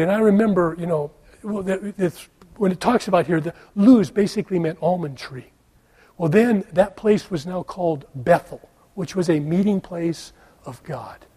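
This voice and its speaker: A middle-aged American man preaching a sermon, telling stories and moving from hushed tones to loud emphatic questions. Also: high voice, normal speed, breathy edge. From United States. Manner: storytelling, shifting from soft hush to loud emphatic questions. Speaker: pastor.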